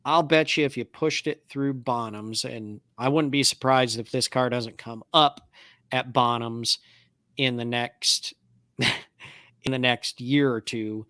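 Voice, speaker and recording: A man's voice: medium pitch, steady tone, unhurried, fairly bright tone, clear, resonant tone, no room sound, clean studio sound. A man co-hosting a podcast, chatting casually and thinking aloud as he reads through classic car auction results. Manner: knowledgeable about classic cars. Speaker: podcast co-host. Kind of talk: casual chat.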